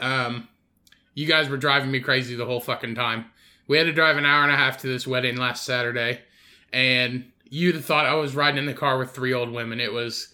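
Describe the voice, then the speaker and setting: A man's voice: medium pitch, sharp tone. A young man hosting a casual podcast, telling rambling, profane stories. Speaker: podcast host. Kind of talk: casual chat.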